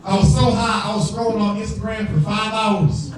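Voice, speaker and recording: A young man performing a stand-up comedy set, telling animated stories and acting out quoted voices, recorded on stage with an audience laughing. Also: high voice, normal speed. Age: young adult. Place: stage before a live audience. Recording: roomy hall, distant mic, crowd laughter.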